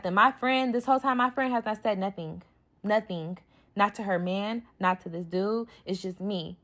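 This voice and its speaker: A young woman telling a story in a vlog, heated and profane, full of "like" and quick asides. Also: mid-range voice, steady tone, fairly bright tone, a little hiss or hum.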